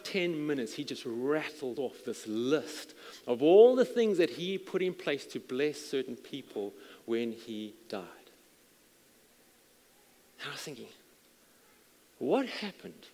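Pastor preaching in a reverberant hall. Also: male voice, mid-range voice. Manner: earnest, stammers on repeated words. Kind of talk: sermon storytelling. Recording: long reverb from a large hall.

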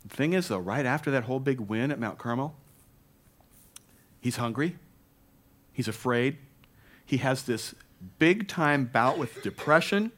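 A man's voice: mid-range voice, lively intonation, a little slow, pauses often, a bit bright. A man preaching a sermon, telling the story with playful asides and acted-out quotes. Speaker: pastor.

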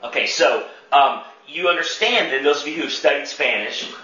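A man with a slightly high, bright voice leads an interactive church class, talking loosely and stopping to quiz the group. He is heard from a distance in a reverberant room. The sound is dull and lo-fi, with a faint hiss underneath. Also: lively intonation, normal speed. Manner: conversational, quizzes the room, repeats words as he thinks. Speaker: church teacher. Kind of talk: interactive teaching talk.

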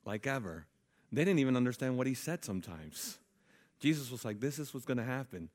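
A man preaching a sermon, telling a story with lively voices for the people in it and often checking in with his listeners. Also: mid-range voice, a little fast. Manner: animated storytelling, acting out quoted people.

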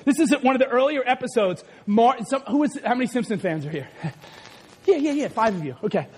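A man with a very high voice delivers a sermon as pastor, animated and joking. He often breaks into shouts, and his voice rings with a long church-hall reverb. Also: fairly quick, slightly rough. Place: church sanctuary.

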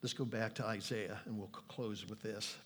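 A man's voice: fairly low pitch, steady tone, moderate pace, fairly bright tone, slight background noise. An older man preaching a sermon, earnest and pleading, reading scripture aloud with emphasis. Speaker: pastor.

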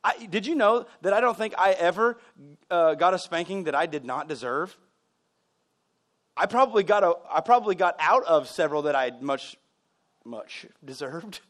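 A man's voice: sits high, moderate pace. A man preaching a conversational sermon, telling stories and making asides as a pastor. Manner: conversational, animated storytelling with asides.

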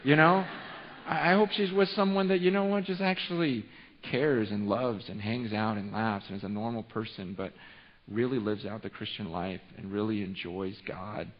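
A male pastor preaching a sermon in a church, telling a story with animated, rising excitement and frequent restarts. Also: fairly low pitch, moderate pace. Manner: repeats and restarts words often. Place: church sanctuary. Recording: muffled sound with long hall reverb.

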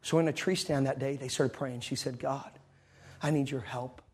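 Husky guy preaching, tells stories, gets loud then goes quiet, laughs along w the room. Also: mid-range voice, fairly even intonation, normal speed. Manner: storytelling, swings between loud and hushed, laughs with the crowd. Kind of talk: sermon.

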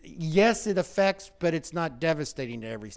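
A man's voice: fairly high pitch, big pitch swings, a little fast, gravelly, clear, resonant tone. A man who is a pastor, talking in a casual teaching way, emphatic and heated at times, with frequent restarts.

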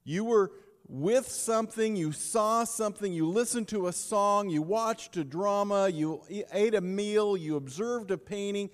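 A man delivers a sermon in a slow, measured way, leaning on dramatic pauses. His slightly high voice swings between loud emphasis and hushed moments. The sound carries the long reverb of a large hall. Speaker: pastor.

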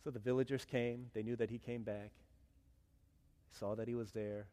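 A male pastor preaching a sermon, telling a story in a humorous, animated way. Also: mid-range voice, normal speed.

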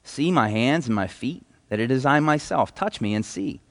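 A man's voice: mid-range voice, animated, moderate pace, a bit bright. A man preaching a sermon as a pastor in a casual, enthusiastic way, reading scripture aloud. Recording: hall reverb.

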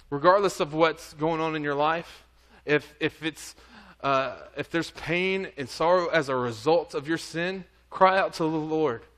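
A man's voice: on the high side, a bit bright. A man preaching a sermon, reading scripture aloud and earnestly urging his listeners. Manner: reads scripture then exhorts, pleading and earnest.

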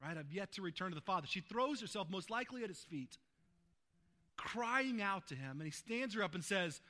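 A man's voice: high voice, animated, a little fast, bright, forceful tone. A man pastor preaching a sermon, retelling a scripture passage in a conversational way and often adding "right?" to check in with listeners.

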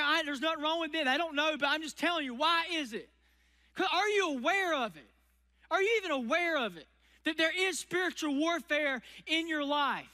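A man's voice: very high voice, pushed and bright, in a large hall. A man preaching a sermon, folksy and emphatic, stretching key words for effect. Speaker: pastor.

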